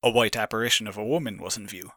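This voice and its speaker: Man narrating a story with a bright, forceful tone. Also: on the low side, quick pace, dry recording, studio quality. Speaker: fan fiction reader. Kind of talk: scripted narration.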